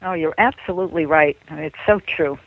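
An older call-in listener heard over a narrow, tinny telephone line. The voice sits at a middling pitch and sounds dry. The speaker rambles agreeably with plenty of fillers. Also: moderate pace, gravelly, no echo.

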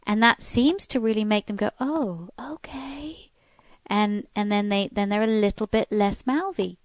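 A woman dog trainer co-hosting a podcast, explaining training tips in an animated, hands-on way with soft coaxing cues. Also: mid-range voice, normal speed, clear, resonant tone, dry recording, highs cut off. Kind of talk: casual advice chat.

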